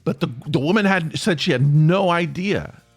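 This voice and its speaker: A man's voice: fairly high pitch, normal speed, breathy edge, no echo, soft background music. A man hosting a solo podcast in a casual, rambling way, often stopping and restarting his sentences. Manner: rambling, self-interrupting, chatty. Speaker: podcast host. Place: home near Atlanta.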